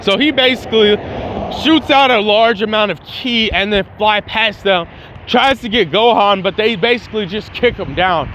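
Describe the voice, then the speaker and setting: A man with a notably high voice tells a fan story in a loose, casual way. He talks in slang and stays animated, dropping in mouth-made fight sounds as he goes. Traffic noise hums faintly outside. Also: moderate pace. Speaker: fan channel host.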